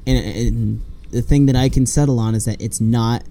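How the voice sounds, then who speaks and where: A man co-hosting a casual podcast chat, quoting film lines with loud, animated impressions. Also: mid-range voice, normal speed, soft background music. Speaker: podcast co-host.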